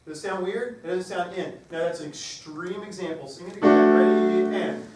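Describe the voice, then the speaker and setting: A man's voice: sits high, moderate pace, loud music behind the voice. A man leading a choir workshop, coaching singers in an upbeat, joking way. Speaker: choral workshop clinician. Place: large reverberant hall with piano. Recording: echoey hall recorded from far off.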